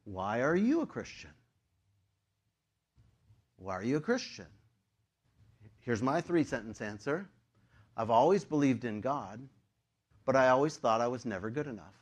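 A man preaching a sermon to his congregation in a conversational, animated way, with frequent fillers. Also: medium pitch. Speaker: pastor.

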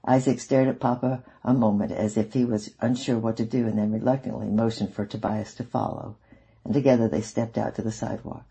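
Gravelly-voiced man reading a story. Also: fairly low pitch, little pitch movement. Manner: measured, warm sign-off. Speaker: audiobook reader. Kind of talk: storybook reading in first person.

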